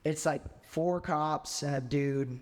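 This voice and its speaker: A man's voice: on the high side, slow pace, big-room sound. A man in his twenties, a podcast guest, telling a story in a casual way and filling his speech with "like". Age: 20s. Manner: constant "like" fillers, animated.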